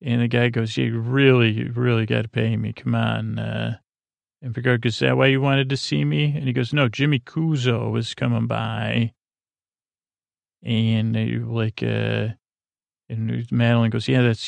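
Gravelly, flat-voiced man rambling sleepily. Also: medium pitch, no room sound. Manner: meandering, filler-heavy, halting retelling. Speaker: podcast host. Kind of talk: sleepy rambling episode recap.

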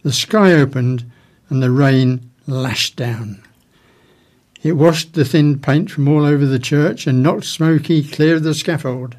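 A man telling jokes on a radio show, hesitant and restarting his words at first, then settling into steady storytelling. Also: fairly high pitch, measured pace.

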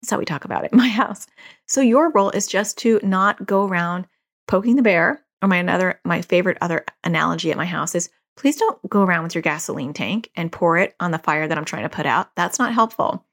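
A woman's voice: lowish voice, animated, fairly quick, a bit bright. A woman in her forties hosting a podcast, giving casual parenting advice and repeating key phrases for emphasis. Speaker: podcast host and parenting coach.

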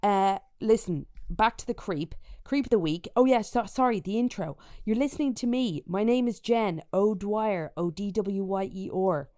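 A woman's voice: medium pitch, moderate pace, few pauses, a little mellow, no room sound, clean studio sound. A woman hosting a podcast over a remote call from a rented holiday home, chatting casually and jokingly and laughing often. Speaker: podcast host. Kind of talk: casual chat.

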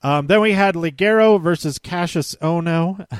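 A man's voice: on the high side, a little slow, clear, resonant tone, dry recording, clean studio sound. A man giving a casual, rambling spoken recap, often restarting and correcting himself with small chuckles. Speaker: show recap host.

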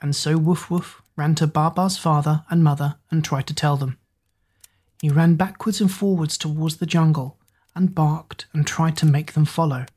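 A woman gently reading a bedtime story aloud, soft and unhurried. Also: deep voice, slightly rough.

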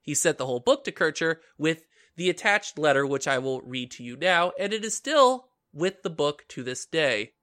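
A man's voice: on the high side, sing-song, moderate pace, few pauses, fairly bright tone. Congested, nasal man chatting on a podcast. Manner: laughs often, stumbles over names and words. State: congested, stuffy nose. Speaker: podcast host. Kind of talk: casual podcast chat.

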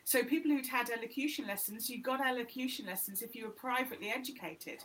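A woman with a middle-class English accent talks frankly and with energy as a podcast guest. Her voice is bright and crisp, and she comes through on a remote call from home. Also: fairly high pitch, fast talker, poor audio. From north of England. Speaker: guest, TEDx organiser. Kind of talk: casual podcast chat.

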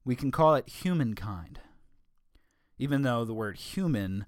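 A man's voice: medium pitch, lively intonation, no echo. Sarcastic man, dry close sound. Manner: emphatic, sarcastic asides, slows down to stress words. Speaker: political commentator. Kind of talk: opinion monologue.

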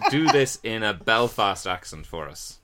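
A man's voice: on the low side, lively intonation, unhurried. A man hosting a podcast, teasing his friends and laughing as he sets challenges. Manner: teasing, laughing, bossy quizmaster. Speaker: podcast host. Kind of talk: casual comedy chat. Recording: loud background noise.

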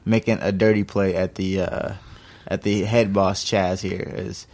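A man's voice: sits low, flat delivery, gravelly, a little mellow. A man co-hosting a casual podcast, chiming in with wry comments and reactions. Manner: wry asides and quick reactions, laughing often. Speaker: podcast co-host. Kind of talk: casual chat.

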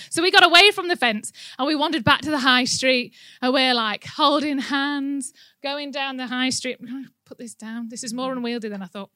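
A woman gives a church talk, spinning a personal anecdote in a lively way with frequent laughter. Her voice sits high and bright. The sound is close and dry. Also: fairly quick, hardly any pauses, dry recording. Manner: animated anecdotal, laughing often. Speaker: church speaker. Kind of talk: sermon with personal storytelling. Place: indoor room with an audience.

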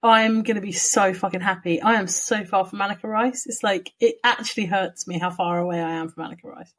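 A woman's voice: medium pitch, steady tone, a little fast, rough recording. A woman co-hosting a podcast in casual chat, teasing and sarcastic, with casual swearing. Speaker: podcast co-host.

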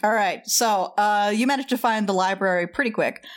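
A woman running a tabletop role-playing game, describing scenes in a relaxed way with frequent laughter and restarts. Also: medium pitch, brisk. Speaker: game master.

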